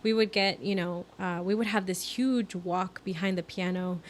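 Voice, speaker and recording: A woman's voice: on the low side, normal speed. A woman co-hosting a podcast, telling a story in casual chat, filling her talk with "like" and acting out the lines of others. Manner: animated storyteller, acts out quoted dialogue, many "like" fillers. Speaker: podcast co-host.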